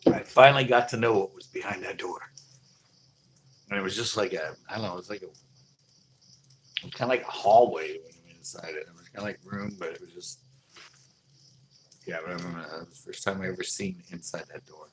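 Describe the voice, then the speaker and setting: A fishing channel host does a live stream, his low voice quick and broken by frequent pauses. He tells a loose, rambling story and laughs a lot, with a little noise in the background.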